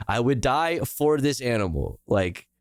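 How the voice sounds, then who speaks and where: Brief: casual reaction streamer, gushing, swears, drawn-out lively delivery. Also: mid-range voice, no echo, studio quality.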